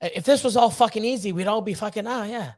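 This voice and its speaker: A man's voice: high voice, fast, a little mellow. A man hosting a livestream, ranting bluntly with heavy swearing and fired-up motivational talk. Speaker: snake breeder hosting a livestream. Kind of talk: livestream rant.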